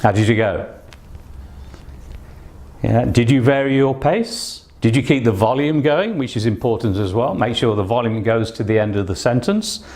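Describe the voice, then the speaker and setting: An English test teacher gives an online exam-prep lesson in a mid-range, slightly mellow male voice that is animated and moderately paced. He is patient and instructive, dropping plenty of "uh" and "um" fillers between his points.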